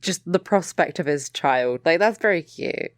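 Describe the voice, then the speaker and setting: A woman's voice: deep voice, lively intonation, moderate pace, dry recording, clean studio sound. A woman co-hosting a podcast in casual chat, joking at her own expense and acting out characters. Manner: joking, self-deprecating, quoting characters. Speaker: podcast co-host.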